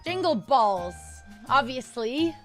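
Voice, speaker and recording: A woman's voice: high-pitched, very animated, slow pace, soft background music. A woman in her early twenties chatting in a clip, teasing and playfully insistent as she jokes around. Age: early 20s. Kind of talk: joking chat in a clip.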